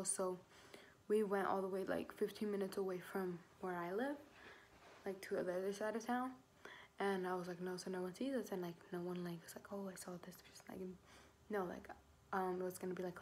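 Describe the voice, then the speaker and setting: A woman's voice: medium pitch, darkish tone, a little hiss or hum. A young adult woman telling a personal story in a casual storytime vlog, swearing often, filling with "like" and acting out her own past lines. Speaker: vlogger.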